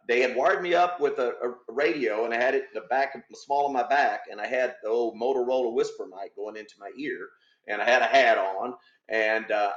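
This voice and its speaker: An older man, a retired police officer, telling a story in an interview, acting out the voices of the people in it. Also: medium pitch. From Texas. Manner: animated storyteller, acts out voices. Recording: roomy, slightly dull sound.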